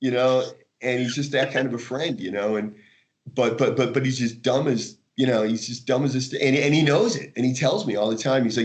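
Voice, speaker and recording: A man's voice: mid-range voice, brisk. Chatty storytelling American man. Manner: animated storyteller, laughs often, many restarts. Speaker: guest, martial arts author. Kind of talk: casual interview chat.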